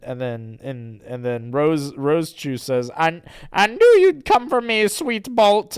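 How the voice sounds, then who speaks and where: A streamer reading a comic aloud in a rambling, deadpan way, repeating "and then". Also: mid-range voice, clear, resonant tone, no room sound. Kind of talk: comedic comic-book read-along.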